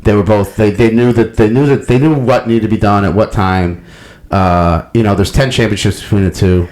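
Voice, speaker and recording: A man's voice: lowish voice, fairly even intonation, normal speed, a little mellow. A man in his thirties hosting a casual podcast, telling sports and family stories in a laid-back, profane way. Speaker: podcast host.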